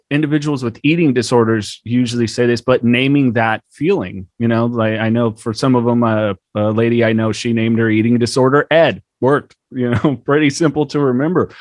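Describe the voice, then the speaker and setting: A man hosting a podcast interview, relaxed and affirming, with loose phrasing and frequent fillers. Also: mid-range voice, no room sound. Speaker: podcast host. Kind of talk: interview conversation.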